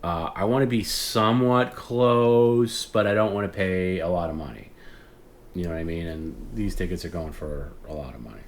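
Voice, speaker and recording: A man's voice: low voice, normal speed, a little hiss or hum. A man hosting a livestream, telling a rambling story in casual chat, acting out phone calls and swearing often. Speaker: podcast host.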